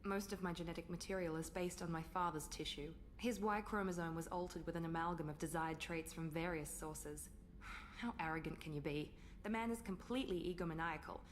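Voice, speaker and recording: A woman's voice: lowish voice, fairly even intonation, a little fast, slight background noise, lightly acted. A woman playing a proud, cool officer. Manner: cool, composed and self-assured.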